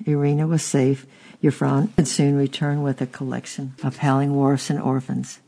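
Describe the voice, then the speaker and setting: Guy reading a story aloud, mellow voice, pretty flat, trips on a word here and there. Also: mid-range voice, normal speed, creaky. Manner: steady, with occasional stumbles and repeats. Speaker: narrator. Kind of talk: audiobook reading.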